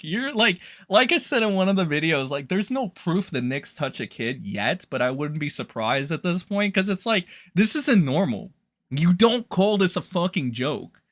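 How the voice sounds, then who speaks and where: A man ranting through livestream commentary, swearing and exasperated. His pitch swings widely between low mutters and sharp high outbursts. The sound is dry and close. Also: no echo. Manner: profane, heated, exasperated outbursts.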